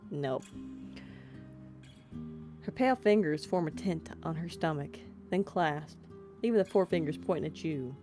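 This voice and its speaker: A woman's voice: deep voice, lively intonation, a little slow, pauses often, music in the background. A woman streamer playing a story game, reading the text aloud and chatting in a casual, self-deprecating, giggly way. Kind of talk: casual let's-play commentary and narration.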